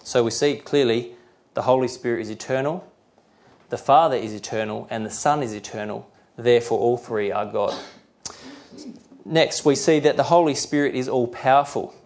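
A middle-aged man delivers a sermon at an even, mid-range pitch. He explains each point plainly, with the odd filler and restart, and slows right down to read scripture verses carefully. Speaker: preacher.

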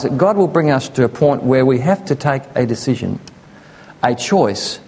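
A man's voice: mid-range voice, darkish tone. A man preaching a sermon in an earnest, conversational way, sometimes acting out the voices of people he quotes. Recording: echoey hall.

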